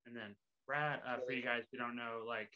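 A man's voice: medium pitch, steady tone, moderate pace, sharp tone. A man hosting a casual interview chat, talking with many fillers like "like" and "um". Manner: filler-heavy, uses like a lot. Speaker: host. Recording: slightly dull lo-fi audio.

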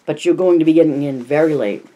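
A man's voice: fairly high pitch, fast, dark tone, muffled recording, close to an everyday voice. A man reading the part of a polite, businesslike airline reservations clerk.

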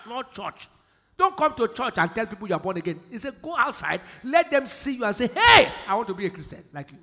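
A man with a Nigerian English accent preaching a sermon, quoting scripture and bursting into shouted emphasis. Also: extremely high pitch, sing-song, fast. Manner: preaching with sudden shouted emphasis and Bible quotes. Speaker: pastor. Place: large church hall. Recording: live church hall with long reverb.

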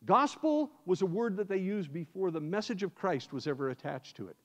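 High-voiced American man preaching a sermon. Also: brisk. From United States. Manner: animated, acts out scenes in first person. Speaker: guest preacher. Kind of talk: sermon storytelling. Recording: dull lo-fi sound.

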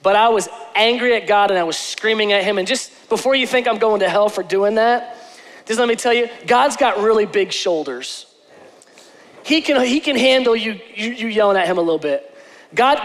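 A man preaching a sermon as pastor from a church stage, emphatic and repeating his phrases, dropping soft and then rising to a shout. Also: high voice. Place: church stage before a congregation. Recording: echoey church hall.

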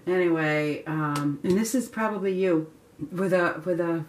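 A woman giving a casual tarot reading, chatty and excitable, laughing often and filling pauses with ums. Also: on the low side, slight background noise. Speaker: tarot reader.

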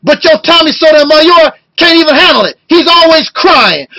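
A man in his fifties delivering an impassioned video rant, talking loud and emotional and firing off rhetorical questions. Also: very high-pitched, animated, normal speed, few pauses, rough recording. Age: 50s. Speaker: video blogger.

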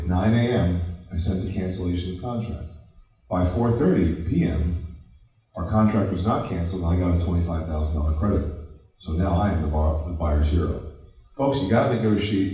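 Man, deep voice, storytelling, jokey, very echoey room, distant mic. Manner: animated storyteller, jokey asides. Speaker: real estate investor panelist. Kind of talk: round table discussion.

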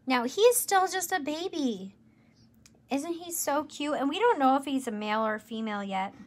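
A woman educator presenting tarantulas in a live stream, enthusiastic and gentle, cooing at the animals. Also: high-pitched, expressive, normal speed. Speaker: insect zoo educator. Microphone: livestream camera mic.

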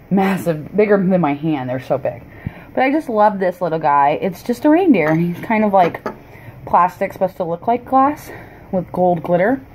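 A woman's voice: on the low side, darkish tone, a little hiss or hum. A woman, chatting through a shopping haul vlog at home, rambling and apologizing as she goes. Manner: chatty, rambling, apologetic, frequent pauses and restarts. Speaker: vlogger. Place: cluttered home.

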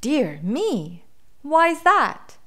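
A woman's voice: sits high, huge pitch swings, very slow, fairly bright tone, voice pushed up, exaggerated voice. A woman voicing a friendly male bear who talks in a reassuring, cheerful way in a storybook reading. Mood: kindly.

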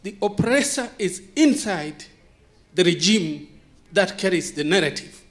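A man whose first language is not English speaks at a conference hall with fervour, piling up rhetorical questions and pausing for effect. His voice sits a little high for a man. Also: animated. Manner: passionate, repeated rhetorical questions, dramatic pauses. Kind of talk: impassioned conference talk.

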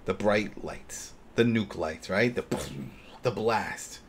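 A man's voice: fairly low pitch, slow pace. A man co-hosting a podcast, retelling scenes in casual chat and acting out the characters' lines as he goes. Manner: animated, acts out characters' lines while retelling. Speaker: podcast co-host.

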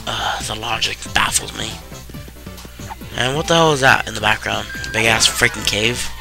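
A tired young man giving casual, sarcastic commentary while playing a video game, swearing freely in a deadpan way. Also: lowish voice, moderate pace, gravelly. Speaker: let's play commentator. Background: game music.

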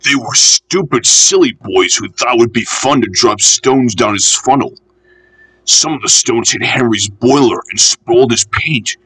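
A man reading a children's storybook aloud, gentle, unhurried and expressive. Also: mid-range voice, husky, poor audio.

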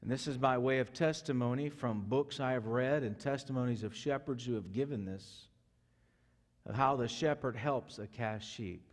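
A male pastor preaching a sermon earnestly, moving from loud urgency to soft, hushed passages. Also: medium pitch, normal speed. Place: church sanctuary. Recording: echoey church hall.

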